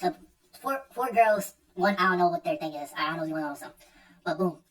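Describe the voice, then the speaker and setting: A young male streamer with a high, expressive, slightly bright voice talks a little fast. He tells a casual, rambling story loaded with slang and swearing, often repeating himself, recorded on a distant mic with faint music.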